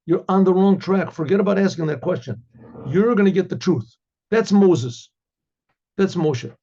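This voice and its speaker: Gravelly rabbi telling stories animatedly. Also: male voice, sits high, moderate pace, dull audio. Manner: animated storyteller who acts out dialogues and keeps clearing his throat. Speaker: rabbi teaching a class. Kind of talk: informal Torah class.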